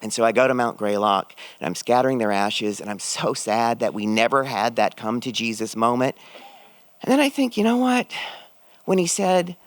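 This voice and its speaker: A middle-aged man telling a personal story on stage, expressive and shooting his voice up when excited. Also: mid-range voice, moderate pace, no room sound. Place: stage at a live event.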